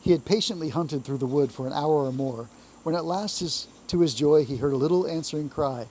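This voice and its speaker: A man reading a classic children's story aloud in a calm, measured storytelling voice. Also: fairly high pitch, a little hiss or hum, low-quality recording.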